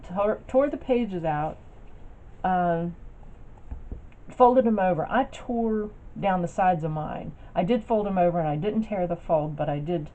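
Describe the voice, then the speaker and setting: This craft vlogger speaks a little slowly in a lowish, mellow voice, chatting in a rambling way with plenty of fillers and restarts during a casual show-and-tell of her projects for the camera. Faint noise sits under the dull, lo-fi audio.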